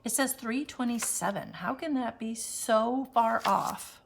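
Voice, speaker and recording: A woman counting cash aloud for a budgeting vlog, often quietly, with self-deprecating remarks between counts. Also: a little high, measured pace, vocal fry, slight background noise. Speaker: budgeting vlogger. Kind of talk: casual cash-stuffing vlog.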